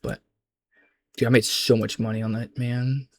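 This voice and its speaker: Young man, gaming vlogger, casual rambling chat, slangy, mid-pitched voice. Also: little pitch movement, moderate pace. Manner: loose, slangy, rambling with frequent restarts.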